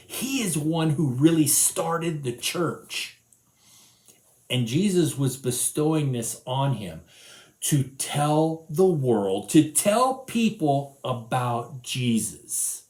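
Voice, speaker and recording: Male children's Bible teacher, lively storyteller, unhurried, roomy echo. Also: medium pitch. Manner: animated, conversational storytelling.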